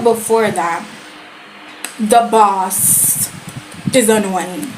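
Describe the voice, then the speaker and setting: A woman giving a casual, animated and sassy review of a series, full of slang and quoted reactions. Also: mid-range voice, a little slow, a little hiss or hum, poor audio.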